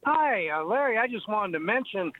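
A man's voice: high-pitched, lively intonation, moderate pace. A man calling into a radio show with a chatty, rambling comment. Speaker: caller. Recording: tinny phone line.

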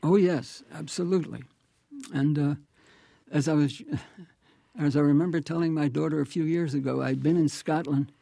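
A man's voice: fairly high pitch, fairly even intonation, normal speed, gravelly, warm tone, no room sound, clean studio sound. A man being interviewed as an author on a radio program, reflective and anecdotal, often restarting his phrases. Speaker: author and guest.

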